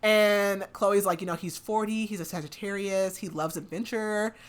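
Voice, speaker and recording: A woman's voice: mid-range voice, moderate pace. A woman podcast host casually recapping a book's plot, half-acting the characters' lines and saying "like" a lot. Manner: animated retelling with lots of "like", half-acting the quotes.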